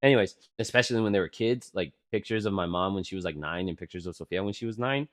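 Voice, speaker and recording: This man in his twenties has a deep voice and a quick pace. As a podcast co-host, he tells rambling, profane stories in casual chat, animated and packed with fillers.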